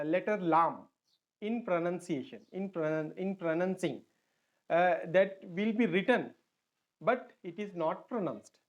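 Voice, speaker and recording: A man teaching an online lesson, patiently repeating points and checking that students follow. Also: sits high. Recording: dull lo-fi audio.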